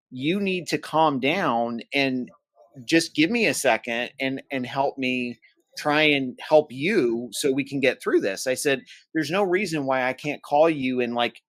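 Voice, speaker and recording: A man's voice: medium pitch, fairly bright tone, no room sound. A man co-hosting a podcast, casually retelling a tense phone call and quoting both sides in his own voice. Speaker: podcast co-host. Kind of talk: casual storytelling.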